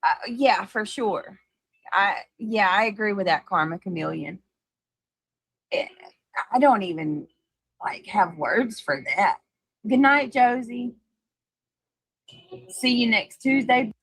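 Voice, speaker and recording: Slow-talking sarcastic woman co-host. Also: medium pitch, lively intonation, fairly bright tone, slightly rough, no room sound, rough recording. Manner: sarcastic, reads out chat names. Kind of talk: casual chat.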